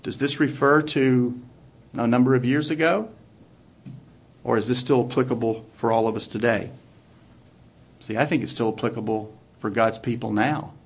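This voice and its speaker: A man preaching a sermon to his congregation in a church, asking measured rhetorical questions. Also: medium pitch, steady tone, husky. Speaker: pastor. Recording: dull lo-fi recording.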